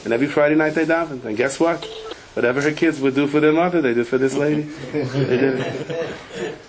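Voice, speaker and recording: A man preaching as a rabbi, telling stories in an animated way and acting out the people in them. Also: on the high side, fairly quick, slight background noise. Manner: animated storyteller, acts out the people in his stories. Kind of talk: sermon with storytelling.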